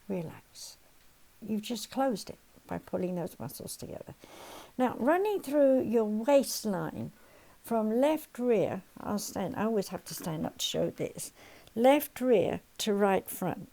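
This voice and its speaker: Older woman teaching in a mellow voice. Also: medium pitch, slow pace, rough recording. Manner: animated, acts out everyday worries, gives step-by-step instructions. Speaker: counselor and teacher. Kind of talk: spoken lesson with guided exercises.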